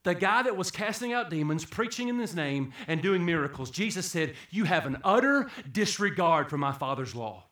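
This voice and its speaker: A man preaching a sermon, swinging from hushed, low passages to loud, emphatic peaks. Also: sing-song, normal speed, few pauses, roomy sound. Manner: dramatic swings from hushed to shouting.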